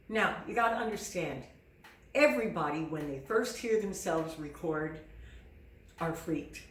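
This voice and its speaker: A woman's voice: on the low side, lively intonation, normal speed, reverberant, far from the mic. A middle-aged woman singing teacher giving earnest, encouraging advice to beginners and acting out their self-doubt. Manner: earnest, encouraging, acts out students' inner doubts. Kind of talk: direct-to-camera teaching.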